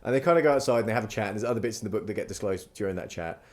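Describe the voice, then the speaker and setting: A man with a fairly low voice hosts a casual podcast. He rambles through a long story, swears freely and slips into quoted lines as he goes. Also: lively intonation, very fast. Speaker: podcast host. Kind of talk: casual chat.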